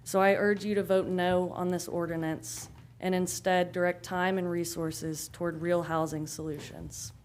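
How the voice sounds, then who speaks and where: A young woman reads her prepared remarks at a public meeting in a steady, measured voice. Her pitch sits on the low side for a woman. A faint background hum runs underneath. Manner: steady, measured, read-out delivery. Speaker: public commenter. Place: council chamber.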